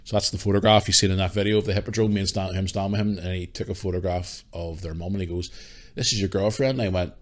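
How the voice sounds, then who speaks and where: A man's voice: sits low, flat delivery, rapid-fire, few pauses. A Northern Irish man hosting a podcast, telling a long anecdote casually and swearing freely. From Northern Ireland. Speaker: podcast host. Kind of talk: casual storytelling.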